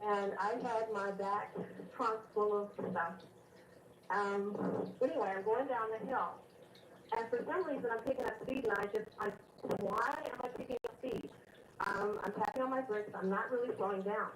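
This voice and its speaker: A woman calling in to a radio show, telling a long story in a rambling, animated way with many fillers. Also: mid-range voice, moderate pace, reverberant, recorded from a distance, noisy background. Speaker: caller. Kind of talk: phone-in storytelling.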